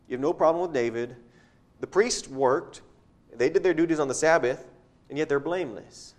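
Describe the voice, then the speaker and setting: A man's voice: fairly high pitch, normal speed. A man preaching a sermon in a conversational way, often repeating words as he explains scripture.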